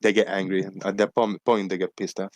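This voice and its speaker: A man's voice: low voice, flat delivery, brisk, no echo. A man hosting a casual livestream, talking animatedly, swearing freely and acting out phone callers in a raised voice. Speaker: livestream host.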